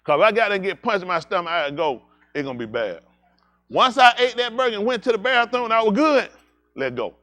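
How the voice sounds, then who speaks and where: A man preaching, telling animated, jokey stories and slipping into high-pitched voices for characters. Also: fast. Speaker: pastor. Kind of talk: comedic storytelling sermon.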